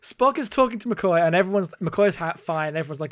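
A man's voice: fairly high pitch, a little fast, no room sound. A man co-hosting a podcast, chatting casually as he recaps a TV episode. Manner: chatty, animated, full of fillers. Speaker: podcast co-host.

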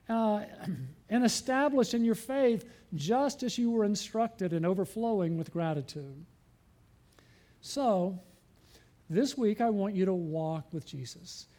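A male pastor preaching with a high voice and a mellow, dark tone. He sounds earnest and pleading. He keeps putting questions to the congregation and builds to fervent appeals. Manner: asks the listeners questions. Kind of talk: sermon.

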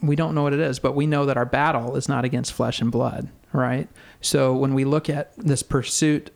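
Gravelly man telling a faith story. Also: mid-range voice, fairly even intonation, moderate pace. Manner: earnest storytelling with fillers and restarts. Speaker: podcast guest. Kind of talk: casual faith conversation.

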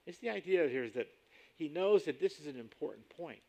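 A pastor preaching with a gravelly, creaky edge to his voice. He is emphatic and climbs sharply in pitch on key points. He slows right down when he reads scripture aloud. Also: lively intonation, mellow. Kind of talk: sermon.

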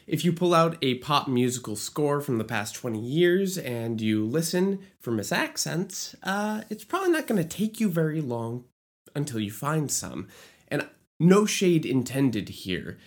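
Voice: medium pitch, very animated, a little slow. A musical theater writer explaining lyric writing in an educational video, with playful asides and short sung examples. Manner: playful asides, jokes about own bad accent.

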